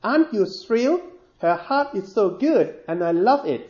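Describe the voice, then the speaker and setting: A man's voice: sits high, big pitch swings, normal speed, a little mellow, pitched above the performer's own voice. A man voicing an earnest, devout little peasant girl in a storytelling sermon, speaking with a pleading tone. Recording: roomy, dull sound.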